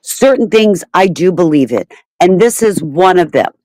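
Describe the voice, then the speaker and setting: A woman's voice: fairly low pitch, expressive, moderate pace, darkish tone, no echo, poor audio. A middle-aged woman on a panel, speaking with emotional, pleading insistence. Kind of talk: heated panel discussion.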